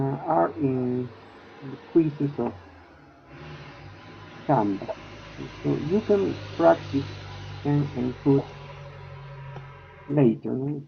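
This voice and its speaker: Male online teacher, very gravelly and slow, tinny line. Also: a little high, slight background noise. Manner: slow, repeats with "okay?" and "no?" checks. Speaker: English teacher. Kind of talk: online class instruction.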